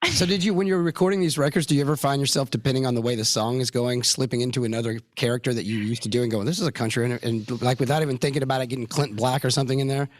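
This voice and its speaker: Male co-host, casual and blunt, mid-pitched voice, dry sound. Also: steady tone, very fast, no echo. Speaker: podcast co-host. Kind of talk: casual interview chat.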